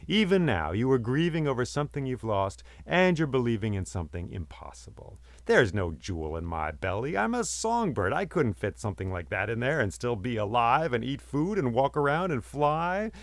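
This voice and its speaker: A man's voice: medium pitch, very animated, moderate pace, few pauses, dry recording. A man voicing a clever, chatty male songbird that teases and coaxes a human in a spoken folktale. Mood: mocking. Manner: chatty, teasing, talks the man round. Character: cheeky talking male songbird, clever trickster.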